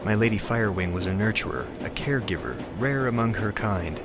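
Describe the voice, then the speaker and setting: A suave, ancient dragon in human guise lectures in lofty, unhurried phrases, as a man reads him. The voice sits fairly low, and steady background noise runs underneath. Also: natural voice. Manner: slow, lofty, philosophical speech.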